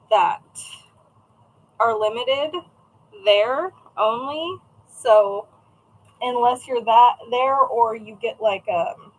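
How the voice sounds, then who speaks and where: A woman's voice: on the high side, rough recording. A woman in her thirties chatting casually on a livestream from home, rambling and greeting viewers by name as she works at her desk. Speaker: craft shop owner streaming live. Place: at home, indoors. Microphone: camera set up at a desk.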